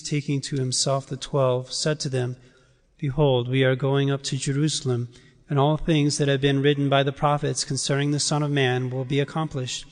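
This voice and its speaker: Priest preaching in a reverberant church. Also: male voice, on the high side. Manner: measured, emphatic preaching with deliberate pauses. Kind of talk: liturgical reading and sermon.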